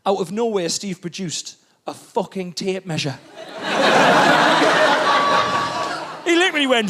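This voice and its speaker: Male stand-up, very high voice, excitable storytelling on a stage mic. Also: slow, long pauses, very noisy. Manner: animated storytelling, exclamatory, swears freely. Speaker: stand-up comedian. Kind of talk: stand-up set. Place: comedy stage.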